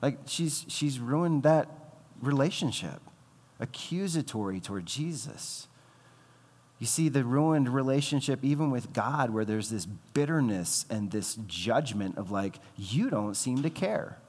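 A man's voice: mid-range voice, animated, unhurried, a little mellow. A male pastor preaching a sermon in a casual, conversational way, with lots of fillers and quoted voices he acts out. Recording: long hall reverb.

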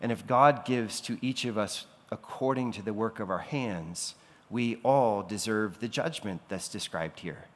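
A man's voice: lowish voice, measured pace. A man preaching a sermon as pastor, asking rhetorical questions and swelling to impassioned peaks. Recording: long reverb of a large hall.

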